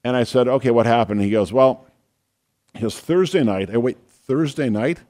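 A man co-hosting a talk show, chatting casually and telling a funny anecdote with deadpan humor. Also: mid-range voice, a little fast. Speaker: podcast co-host, doctor. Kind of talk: casual chat, storytelling.

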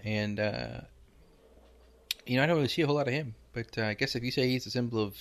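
A man voicing a deadpan, clannish male loon, tagging his lines with "eh?" in an improvised comedy interview. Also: medium pitch, quick pace, close to an everyday voice.

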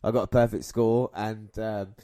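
A man's voice: lowish voice, flat delivery, normal speed, warm tone, dry recording. A man on a podcast, looking back on a match in a rambling way, full of fillers. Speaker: podcast co-host. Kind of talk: casual podcast chat.

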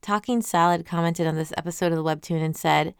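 A woman's voice: on the low side, fairly even intonation, quick pace, clean tone, no room sound, clean studio sound. A woman hosting a webtoon recap. She talks casually and animatedly, reads viewer comments aloud and asks a lot of questions.

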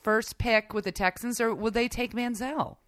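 A woman co-hosting a podcast in casual chat, rambling and animated, often laughing. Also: a little high, moderate pace, no echo. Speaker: podcast co-host.

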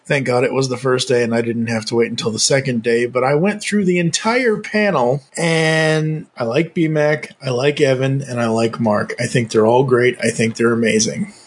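A man's voice: mid-range voice, steady tone, moderate pace, hardly any pauses. A man in his thirties co-hosting a casual podcast, rambling and opinionated. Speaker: podcast co-host.

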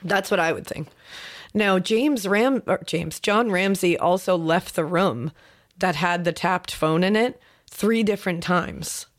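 Speaking a little slowly in a fairly low voice, a woman recounts the details of a crime case to her podcast co-host. It's a casual true-crime chat, told as a story and packed with fillers.

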